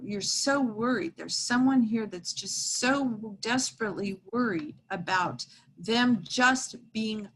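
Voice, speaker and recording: A middle-aged woman, a medium, telling a heartfelt story and reassuring a support group in an earnest, gentle way. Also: medium pitch, a little hiss or hum, rough recording.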